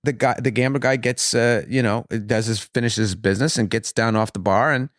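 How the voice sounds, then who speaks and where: A man telling a long joke in casual conversation, halting with many fillers and restarts. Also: medium pitch, fairly even intonation, dry recording, studio quality.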